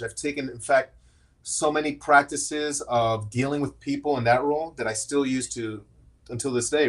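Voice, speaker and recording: A man's voice: medium pitch, fairly bright tone. Earnest man telling his story. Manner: earnest, candid, acts out quotes in his stories. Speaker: guest, AI strategist. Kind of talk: conversational interview storytelling.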